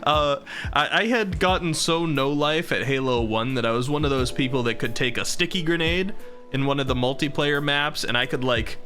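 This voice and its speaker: A man's voice: on the high side, moderate pace, bright, forceful tone, faint music behind. A man in his thirties chatting casually on a live stream, rambling and chuckling between thoughts.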